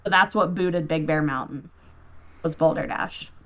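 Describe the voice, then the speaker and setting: A woman's voice: low voice, moderate pace, lo-fi sound. A young woman chatting as a podcast guest, enthusiastic and swearing freely. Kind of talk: casual chat.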